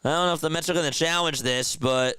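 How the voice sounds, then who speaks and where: A man calling a live fan play-by-play stream, excitable and hyped, talking straight to his viewers between pitches. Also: a little fast, noisy background.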